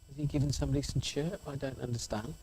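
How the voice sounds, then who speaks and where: A man co-commentating on a local cricket match, teasing his partner in animated banter. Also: mid-range voice, fast. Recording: faint background noise.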